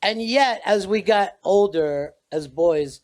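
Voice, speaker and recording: A man's voice: high-pitched, slow, a little mellow. An older man hosting a conversational interview, often laughing along and backing up his guest with short affirmations. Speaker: interview host.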